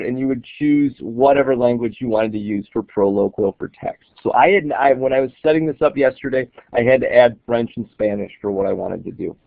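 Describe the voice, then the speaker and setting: An app reviewer walks through an app in a screen-recorded tutorial, explaining casually and thinking aloud as he demonstrates. His voice is medium-pitched with no echo, and the audio sounds tinny, dry and phone-like.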